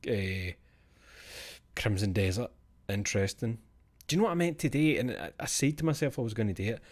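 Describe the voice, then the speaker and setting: Give me a male streamer in casual late-night chat, rambling and swearing, slightly low voice. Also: animated, fairly quick. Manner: rambling, sweary, self-mocking. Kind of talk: casual chat after a live show.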